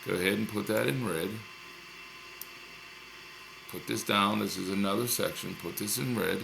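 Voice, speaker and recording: Gravelly-voiced male teacher. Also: on the low side, moderate pace, noisy background. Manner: upbeat and encouraging, repeats himself. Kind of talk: recorded classroom lesson.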